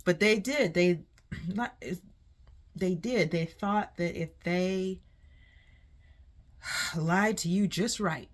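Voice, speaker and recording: A woman doing a casual tarot reading for viewers, animated and laughing often, swearing freely. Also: fairly low pitch, slow, pauses often. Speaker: tarot reader.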